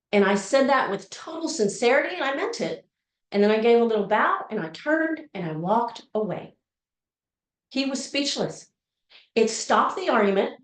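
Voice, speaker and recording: A woman tells a personal story in a motivational talk. Her voice sits a little high, and she acts out the people she quotes with lively expression. The sound carries a roomy echo. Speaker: motivational speaker.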